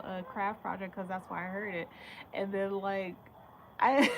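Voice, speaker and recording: Woman doing a live tarot stream, blunt and sweary storytelling, faint hum behind her. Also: poor audio. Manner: candid storytelling, swears freely, acts out quotes in a higher voice. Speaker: tarot reader. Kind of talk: casual live-stream chat.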